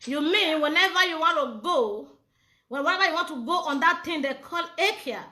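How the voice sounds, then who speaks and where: A woman interviewing a guest in a live online chat, halting and repeating her questions. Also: high-pitched, lively intonation, sharp tone, echoey room.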